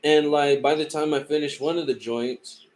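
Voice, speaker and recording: A man's voice: a little high, fairly even intonation, moderate pace. A young man from California telling a story in a casual, heated and rambling way, swearing a lot. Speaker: tarot live streamer.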